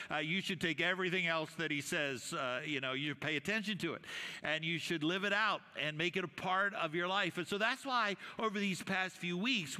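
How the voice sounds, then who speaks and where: Bright-voiced pastor preaching in a hall. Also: male voice, high-pitched. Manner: conversational, many fillers and restarts. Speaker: senior pastor. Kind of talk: sermon. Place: church sanctuary. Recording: reverberant church hall.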